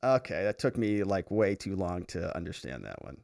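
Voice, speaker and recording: A man's voice: deep voice, moderate pace, vocal fry. A man hosting a live stream, reading viewer comments aloud and reacting with frequent laughter and exclamations. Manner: animated, laughs often, reacts loudly to comments. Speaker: livestream host reading viewer chats. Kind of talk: casual live-stream chat.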